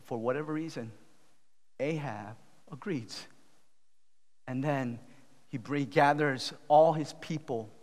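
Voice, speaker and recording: In a church sanctuary, a male pastor preaches a sermon retelling a Bible story. He swings between loud, emphatic peaks and low, slow, quiet appeals, and the recording carries a long hall reverb.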